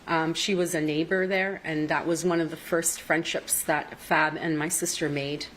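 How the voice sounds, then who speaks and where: Low-voiced woman testifying in court. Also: fairly even intonation, moderate pace, fairly bright tone, a little hiss or hum, low-quality recording. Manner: recounting events at length, quoting others. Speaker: trial witness.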